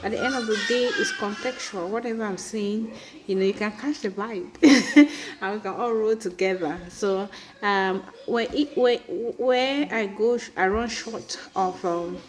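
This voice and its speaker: A woman from Cameroon with a Cameroonian accent, vlogging in a chatty way, often asking "right?" and filling pauses with "um". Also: mid-range voice. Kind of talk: casual personal vlog.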